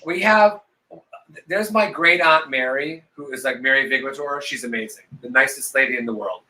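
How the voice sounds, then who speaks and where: A man's voice: mid-range voice, normal speed, bright, forceful tone, poor audio. A man co-hosting a live talk stream, telling a long story with lots of swearing and acting out the voices of the people in it. He is tipsy from a couple of glasses of vodka. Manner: profane, theatrical, acts out quoted voices. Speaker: co-host.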